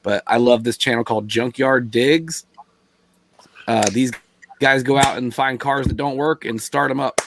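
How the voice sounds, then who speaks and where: A man's voice: mid-range voice, steady tone, unhurried, fairly bright tone, slight background noise. A man co-hosting a casual podcast chat, enthusiastic, often restarting his sentences. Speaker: podcast co-host.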